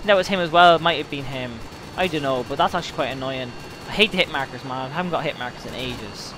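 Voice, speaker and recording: Excitable young man gaming. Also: mid-range voice, fast, slight background noise. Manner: excitable, swears often, with sudden outbursts. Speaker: gaming channel host. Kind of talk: gameplay commentary.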